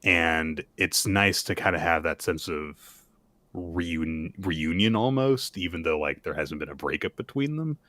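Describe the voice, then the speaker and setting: Male podcast co-host, lower voice, dry close mic, lively recap delivery. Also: a little slow, no echo. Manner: animated, acts out character lines with laughter. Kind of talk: casual manga recap chat.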